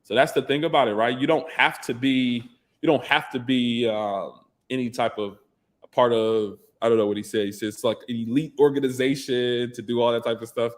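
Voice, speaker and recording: A man's voice: mid-range voice, steady tone, a little fast. A man hosting a casual live stream, answering chat questions in a conversational way and often repeating himself. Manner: conversational, reads chat aloud, repeats "absolutely". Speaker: livestream host.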